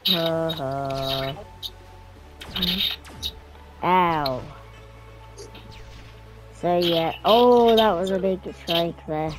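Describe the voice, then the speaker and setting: Woman, low voice, slow chatty gameplay commentary, easily amused, game music blaring behind. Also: fairly even intonation. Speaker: gamer recording gameplay.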